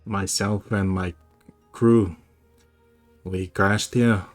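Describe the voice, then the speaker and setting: A man's voice: deep voice, steady tone, extremely slow, faint music behind. A man playing a tabletop game, speaking hesitantly with many fillers and frequent giggles. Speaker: player. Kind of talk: casual tabletop play.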